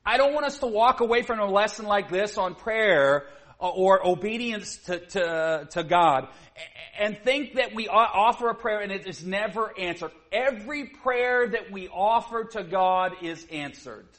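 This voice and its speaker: A man preaching a sermon in a high voice. He takes his time, talking slowly and earnestly, and he often swells into emphatic stretches. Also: expressive, fairly bright tone. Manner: earnest, with repeated "you see" and rising emphatic stretches.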